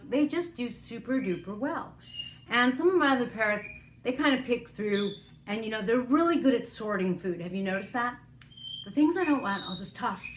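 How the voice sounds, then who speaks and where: A woman's voice: a little high, a bit bright, a little hiss or hum. A woman talking casually to camera about parrot care, chatty and rambling, now and then cooing to her parrot. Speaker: parrot care author and vlogger. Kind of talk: casual vlog chat. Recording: roomy echoing room.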